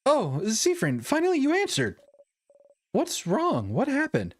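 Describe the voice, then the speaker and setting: A cheerful young woman from a story game, gentle and fussing over a friend, her voice lifting high and sing-song, as a streamer puts her on. She swoops through wide, lively pitch while she coaxes and worries. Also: exaggerated voice. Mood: caring. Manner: gentle, fussing, quick to scold in jest. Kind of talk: reading a story game aloud.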